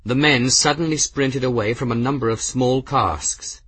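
A man reading fiction as an audiobook narrator, in a steady, measured scripted narration. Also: medium pitch, husky, no echo.

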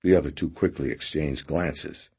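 A man narrating a story in a measured, expressive way. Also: rumbling low, gravelly, slightly rough. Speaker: audiobook narrator. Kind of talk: scripted narration.

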